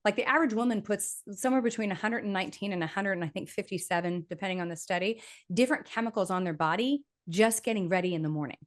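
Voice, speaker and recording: A woman speaking as a guest health expert, confident and emphatic, explaining research with quick asides and "right?" checks. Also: medium pitch.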